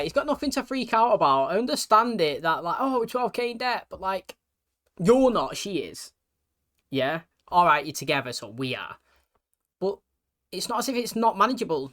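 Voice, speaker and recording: A man's voice: sits high, a bit bright. A man giving casual reaction commentary, chatty and rambling, often asking if you know what he means. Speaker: reaction video host.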